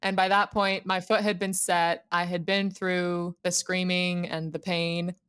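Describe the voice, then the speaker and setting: A young woman telling a personal story on a casual podcast, animated and laughing often as she acts out what people said. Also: on the low side, unhurried, clean tone. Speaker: podcast guest, daughter.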